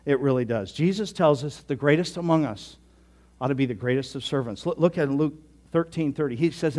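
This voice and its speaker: A man's voice: medium pitch, brisk. Man in his sixties preaching a story. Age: 60s. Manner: conversational, repeats words, drops to soft tones. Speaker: pastor. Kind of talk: storytelling sermon.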